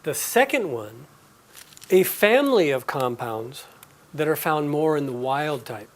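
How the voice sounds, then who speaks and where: A man teaching a live class, explaining and telling stories in a relaxed, conversational way. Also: a little high, measured pace. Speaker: aromatherapy teacher.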